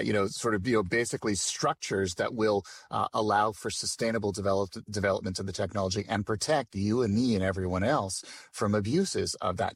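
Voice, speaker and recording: A man who writes about technology, explaining a story in a measured way during a casual chat. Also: lowish voice, husky, no echo, studio quality. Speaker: tech reporter.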